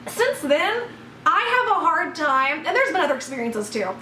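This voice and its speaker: A woman vlogger telling a personal story in a blunt, expressive way, swearing freely. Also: high voice, moderate pace, far from the mic. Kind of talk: casual storytelling to camera. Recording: roomy echo, voice from off the mic, faint room noise.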